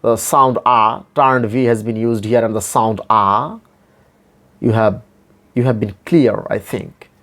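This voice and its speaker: A man teaching pronunciation, repeating each word slowly and spelling it out letter by letter. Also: on the low side, fairly bright tone. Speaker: English phonetics teacher. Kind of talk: slow pronunciation lesson.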